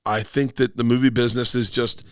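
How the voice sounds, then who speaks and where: A middle-aged man from Florida, a comedian guest telling rambling stories loudly, swearing often and acting out what people said. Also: medium pitch, little pitch movement, a little fast, no room sound, studio quality. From Tampa, Florida. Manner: loud, rambling, swears often, acts out quotes. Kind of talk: casual storytelling.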